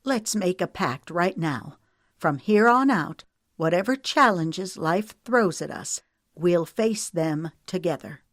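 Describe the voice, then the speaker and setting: A woman's voice: lowish voice, animated, slow pace, no room sound, clean studio sound. A woman voicing an older wife, emphatic and emotional, in an audiobook romance. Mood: determined. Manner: emphatic, quivering.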